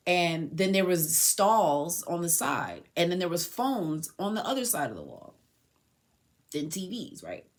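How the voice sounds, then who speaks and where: A woman's voice: lowish voice, big pitch swings, unhurried. A young woman hosting a podcast, telling a painful personal story in a candid, slangy way and near tears at times. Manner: emotional, slangy and candid, retelling dialogue. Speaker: podcast host.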